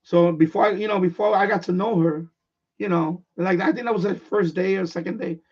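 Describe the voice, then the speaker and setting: A man's voice: high voice, fairly quick, a little mellow, slightly rough. A man hosting a live stream, telling a story in a rambling, repetitive way with lots of restarts. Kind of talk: casual live-stream chat. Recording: far from mic, dull lo-fi sound.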